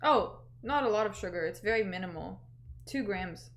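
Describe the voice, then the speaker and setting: A woman's voice: mid-range voice, expressive, moderate pace. Chatty woman hosting a fight livestream. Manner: chatty, reads out chat messages, lots of fillers. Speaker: livestream host. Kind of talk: casual livestream chat.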